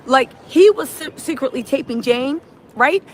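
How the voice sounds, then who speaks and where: A woman's voice: a little slow, a little hiss or hum. A woman hosting a live reaction stream, talking animatedly and reading out viewer comments. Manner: animated, acts out quotes in a shrill yelling voice; reads viewer comments and greets chat.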